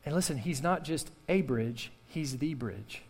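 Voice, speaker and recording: A man's voice: fairly high pitch, animated, unhurried, creaky, a little mellow, husky, long reverb tail. A male pastor preaching a sermon with fervor, repeating key phrases and calling on the congregation to respond. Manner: impassioned preaching with repetition and call-and-response.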